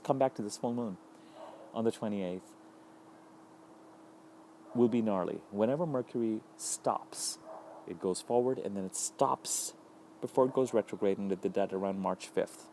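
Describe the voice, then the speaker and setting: Male astrologer, lowish mellow voice, measured solo talk, faint hiss behind. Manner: thoughtful, unhurried, lists ideas in repeated phrases.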